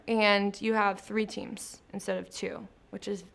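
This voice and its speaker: Chatty woman with a gravelly edge. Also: mid-range voice, flat delivery, unhurried, fairly bright tone, a little hiss or hum. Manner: chatty, laughing, filler-heavy. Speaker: post-production traffic manager, interview guest. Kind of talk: casual interview answers. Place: company studio.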